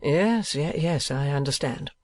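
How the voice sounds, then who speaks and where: A man gives voice to a courteous, earnest young gentleman in a storybook reading, speaking in a measured, polite way. The voice sits a little high and sounds close and dry. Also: animated, no room sound.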